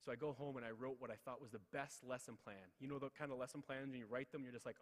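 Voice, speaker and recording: Fast-talking man on a headset in a hall. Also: medium pitch. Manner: energetic, acts out dialogue in raised voices. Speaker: keynote speaker. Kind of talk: motivational storytelling speech. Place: large ceremonial hall. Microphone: headset mic. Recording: reverberant hall.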